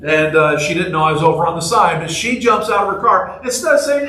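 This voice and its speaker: A high-pitched man with lively intonation and a sharp tone preaches fairly quickly to his congregation. This pastor's sermon is casual and full of jokes, stories, and questions for the pews. He's recorded from a distance in an echoey sanctuary.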